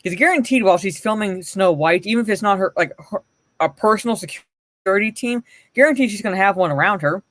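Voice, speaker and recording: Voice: medium pitch, brisk, a bit bright, no room sound. A livestream host giving blunt, profane, mocking commentary and answering chat messages.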